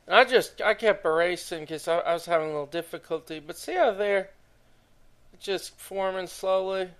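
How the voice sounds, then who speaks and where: A man's voice: high-pitched, normal speed, a bit bright, clear, resonant tone. A young man casually narrating a drawing tutorial, chatty and enthusiastic, talking straight to his viewers.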